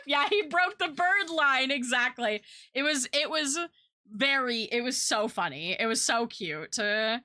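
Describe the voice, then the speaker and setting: Young woman streamer yapping casually, bright slightly high voice, lots of ums and giggles. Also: expressive, measured pace, no echo. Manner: chatty, rambling, many fillers, giggly. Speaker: streamer and artist. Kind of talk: casual chat.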